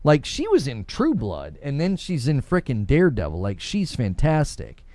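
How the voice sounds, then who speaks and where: A man's voice: medium pitch, wildly swooping pitch, moderate pace, darkish tone, no room sound. A man hosting a gaming podcast in casual chat, rambling with many fillers and laughing easily. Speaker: gaming news podcast host.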